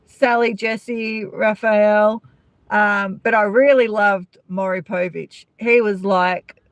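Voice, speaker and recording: A woman's voice: medium pitch, no room sound. A woman with an Australian accent hosting a casual live-stream chat, gossiping and answering viewers' comments by name. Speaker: vlogger chatting with live viewers.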